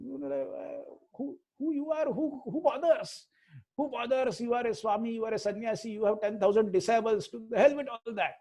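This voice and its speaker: A middle-aged man with an Indian accent leads a casual religious class and moves between Hindi and English as he tells anecdotes. His voice sits high for a man and sounds husky and gravelly. The tone is mellow, not bright. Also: normal speed, low-quality recording. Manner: storytelling, mixing Hindi and English, acting out quotes. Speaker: spiritual teacher.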